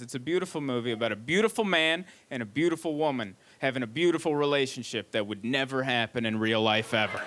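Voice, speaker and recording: A man doing stand-up, telling a story with animated mock exasperation on a comedy club stage. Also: on the high side.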